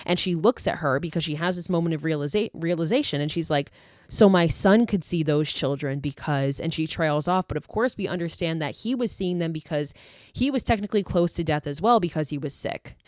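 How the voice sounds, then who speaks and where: A woman's voice: deep voice, a little fast, dry recording, studio quality. Chatty woman recapping a horror film. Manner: profane, exasperated asides; filler-heavy retelling with 'like'. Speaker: podcast host. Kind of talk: casual movie recap.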